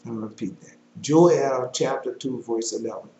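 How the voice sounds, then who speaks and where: A man preaching a sermon, reading scripture aloud in a measured cadence and breaking off into loose talk with fillers. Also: fairly low pitch, steady tone, darkish tone, roomy sound, highs cut off, a little hiss or hum.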